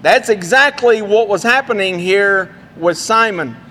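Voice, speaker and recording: A man's voice: sits high, expressive, unhurried, bright, forceful tone. A male pastor preaching a sermon in a folksy, storytelling way, in a church sanctuary. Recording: long hall reverb.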